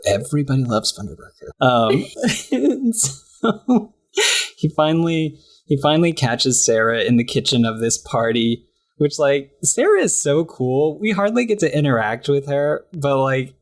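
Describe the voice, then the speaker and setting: A man co-hosting a podcast, chatting casually and acting out characters' lines in high voices while laughing often. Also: very animated, moderate pace. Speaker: podcast co-host. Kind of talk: casual chat recapping a cartoon.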